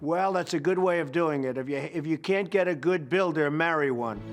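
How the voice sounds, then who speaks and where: A man's voice: a little high, moderate pace, over loud music. A businessman giving confident, approving comments in an interview.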